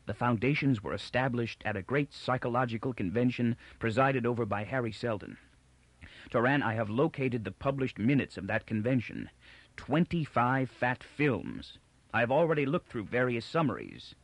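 A man's voice: mid-range voice, animated, normal speed, no echo. A man voicing a frail, aging male psychologist who talks in a peevish, insistent way.

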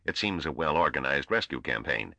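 A man reading an audiobook voices a small, scornful old male ruler who speaks in a curt, squeaky, coldly formal manner. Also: lively intonation, brisk, gravelly, sharp tone, dry recording, full character voice. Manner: snapping, intoning, coldly formal. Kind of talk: audiobook character voice.

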